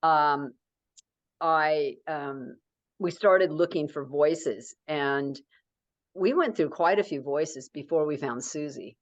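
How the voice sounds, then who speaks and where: A woman's voice: sits low, takes it slowly, dry recording, muffled recording. A middle-aged woman author talking casually in an interview, rambling with many fillers and restarts.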